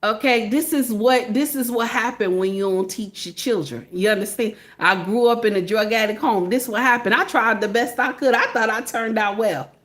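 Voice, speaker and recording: A woman's voice: a little high, normal speed, few pauses. A woman hosting a reaction video, talking casually and animatedly, repeating herself and tagging "okay" onto her lines. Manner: animated, repeats phrases, says okay constantly.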